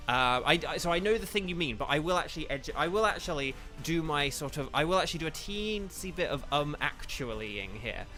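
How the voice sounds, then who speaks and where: A man's voice: fairly high pitch, animated, fairly quick, hardly any pauses, sharp tone. A man streaming a game and chatting casually with his viewers, rambling and correcting himself with lots of fillers. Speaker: voice actor streaming a game with chat. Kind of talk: casual live-stream chat while gaming. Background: faint game music.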